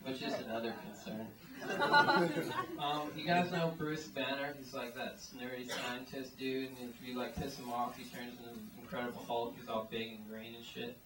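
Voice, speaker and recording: A man's voice: mid-range voice, steady tone, normal speed. A man doing a stand-up comedy set, rambling through his jokes with lots of "like" and "um" fillers. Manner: rambling, filler-heavy delivery full of "like" and "um". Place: small live comedy venue. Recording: echoey room, mic at a distance.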